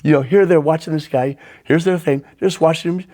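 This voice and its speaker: A man hosting a podcast, telling animated anecdotes in a casual storytelling style and throwing in sound effects. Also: fairly high pitch, a little fast. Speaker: podcast host.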